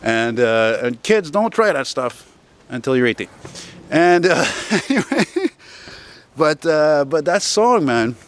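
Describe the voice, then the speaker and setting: A man's voice: a little high, lively intonation, a little slow. A man in his forties from Montreal, rambling casually and swearing now and then as he films himself walking up a city street. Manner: rambling, chatty, swears casually, many fillers. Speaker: vlogger.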